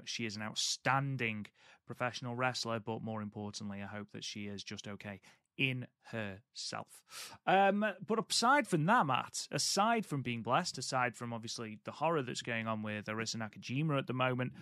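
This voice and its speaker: A man's voice: fairly low pitch, a bit bright, no echo, studio quality. A man co-hosting a podcast in casual chat, telling stories with lots of ums. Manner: chatty, storytelling, frequent ums. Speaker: podcast co-host.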